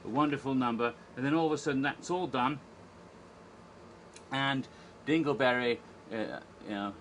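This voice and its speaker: A man's voice: medium pitch, moderate pace, fairly bright tone, a little hiss or hum. A man casually retelling a live show from memory, rambling and enthusiastic, with frequent fillers and restarts. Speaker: theme park event historian. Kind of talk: casual narrated recap.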